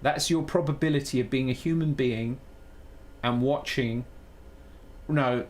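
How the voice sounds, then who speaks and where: This live streamer speaks at a medium pitch and a slightly slow pace while he programs on air. He chats in a relaxed way, voices his thoughts as they come, pokes fun at himself, and moves back and forth between Italian and English.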